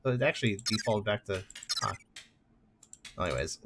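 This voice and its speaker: A man's voice: fairly low pitch, very animated, normal speed, over music. A man hosting a let's play, talking through a game in a chatty way with muttered asides and frequent laughs. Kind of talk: gameplay commentary.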